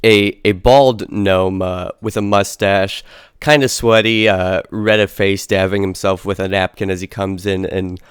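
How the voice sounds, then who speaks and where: A man's voice: sits low, fairly even intonation, a little slow, smooth. A man running a tabletop game as game master, narrating loosely with many "uh" and "kinda" fillers.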